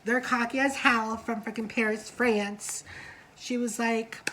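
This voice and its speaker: A woman co-hosting a reality show review in casual chat, gossipy and quick to swear, acting out what the cast said. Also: fairly high pitch, slight background noise, rough recording. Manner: chatty, gossipy, swears freely, acts out quotes.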